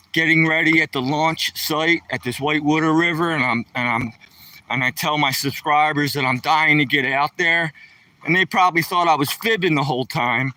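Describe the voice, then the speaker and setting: Out by a lake with his dog, a livestreaming vlogger from Pennsylvania chats with viewers by name in a relaxed, folksy ramble. The voice is a little high, pushed and bright, recorded on a distant mic with no room sound.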